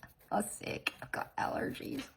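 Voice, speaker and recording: A woman hosting a nail tutorial, chatting in a rambling, sniffly way and often dropping into soft whispered asides. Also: normal speed, a little hiss or hum, rough recording. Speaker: nail art channel host. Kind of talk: casual tutorial chat.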